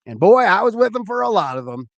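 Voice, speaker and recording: A man hosting a show, telling a rambling, animated personal story with swearing. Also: sits high, fast, dry recording, dull audio. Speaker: show host, former comedian. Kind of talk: casual storytelling.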